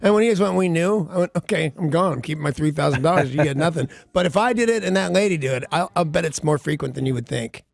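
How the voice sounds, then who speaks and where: A man's voice: on the high side, animated, fast talker, creaky, hardly any pauses, no room sound. A man co-hosting a morning radio show, rambling and wisecracking through his stories. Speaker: radio co-host. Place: radio studio. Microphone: studio mic.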